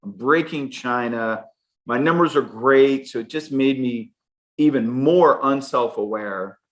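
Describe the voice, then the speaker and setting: A middle-aged man, a podcast guest, telling a candid personal story in an animated way. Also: mid-range voice. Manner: candid, animated, fast bursts. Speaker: podcast guest, sales executive. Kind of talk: storytelling interview answer.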